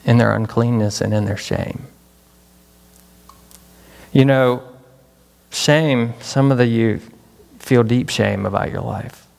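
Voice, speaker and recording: Male pastor from Memphis, dramatic preacher of questions, average pitch, heard in a reverberant hall. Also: takes it slowly, gravelly, pauses often, a little mellow. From Memphis, Tennessee. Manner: dramatic, with many rhetorical questions. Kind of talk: chapel sermon. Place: large chapel hall.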